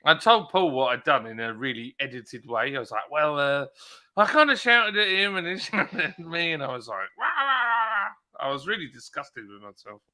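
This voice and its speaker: A man hosting a live stream, chatting casually and telling stories in an animated way, acting out his own shouting. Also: fairly high pitch, a little fast. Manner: animated storyteller, acts out shouting. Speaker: streamer host. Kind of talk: casual chat.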